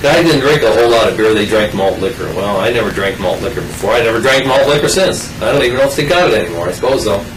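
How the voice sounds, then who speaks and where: Here an older man speaks fast with hardly any pauses, his fairly low voice full of lively intonation as he rambles through a folksy personal tale, restarting and wandering into asides like a casual oral history. The off-mic recording sounds roomy and the background is noisy.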